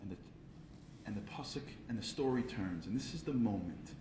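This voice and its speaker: A man gives a comic storytelling speech at a charity event. He acts out voices and builds to loud peaks. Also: on the low side, animated, brisk, reverberant, noisy background. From Brooklyn, New York.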